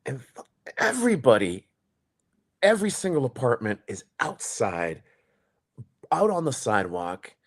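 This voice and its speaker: A man, co-hosting a podcast, telling a story in casual, swearing chat and acting out the people in it. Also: fairly low pitch. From New York. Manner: animated storyteller, swears, acts out quoted people. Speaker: podcast co-host.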